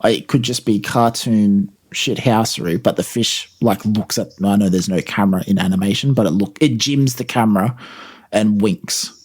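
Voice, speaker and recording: Low-voiced wry co-host. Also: male voice, moderate pace, a little mellow, breathy edge. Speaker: podcast co-host. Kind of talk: casual chat.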